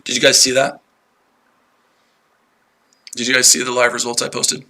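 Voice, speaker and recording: A man's voice: mid-range voice, monotone, normal speed, bright, forceful tone. A man hosting a live trading stream, talking to his chat viewers in a combative, profane way and repeating himself a lot. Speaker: livestream trading host. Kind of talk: unscripted livestream talk to chat viewers.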